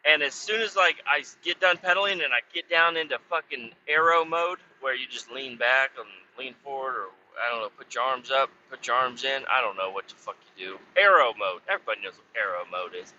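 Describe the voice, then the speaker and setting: A man's voice: medium pitch, expressive, a little fast, hardly any pauses, pushed and bright, a little hiss or hum. A man hosting a podcast, telling a meandering story in a casual way, swearing often and correcting himself as he goes. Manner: profane, meandering, self-correcting. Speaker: podcast host. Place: outdoors beside a road. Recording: slightly muffled, dull recording.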